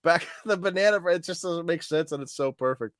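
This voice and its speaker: A man's voice: on the high side, brisk, no room sound, studio quality. A man co-hosting a podcast in casual chat, laughing often and quoting lines with gusto. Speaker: podcast co-host.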